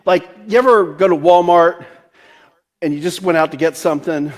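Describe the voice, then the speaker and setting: A slightly high-voiced man speaks at a moderate pace, a forties-aged pastor with a Delaware accent delivering a conversational sermon. He chats casually, laughs a lot, and often restarts his sentences amid fillers.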